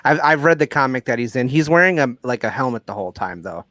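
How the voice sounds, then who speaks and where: Man, panelist, casual chat, mid pitch, dry sound, matter-of-fact. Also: lively intonation, fast talker, pushed and bright, dry recording. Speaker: guest panelist.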